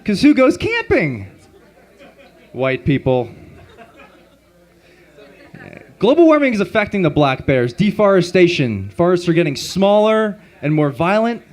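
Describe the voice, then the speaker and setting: A man performing a stand-up comedy set at an open mic on a club stage, delivering deadpan setups and punchlines through a handheld stage mic. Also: high-pitched, measured pace, pauses often, a faint crowd.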